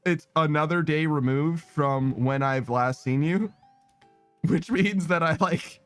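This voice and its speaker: A man chats to his stream while playing a game, voice pitched a little high. He rambles, laughs at himself and swears freely. The mic is close and dry, with faint game music underneath. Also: takes it slowly, fairly bright tone, clean tone, no room sound. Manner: giggly, rambling, self-mocking, swears a lot. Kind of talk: casual live-stream chat while gaming.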